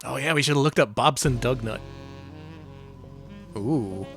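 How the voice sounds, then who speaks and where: A man's voice: mid-range voice, measured pace, fairly bright tone, faint music behind. Wry joking man co-hosting a stream. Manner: wry, joking, often laughing. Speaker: stream co-host. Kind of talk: casual chat. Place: home stream setup.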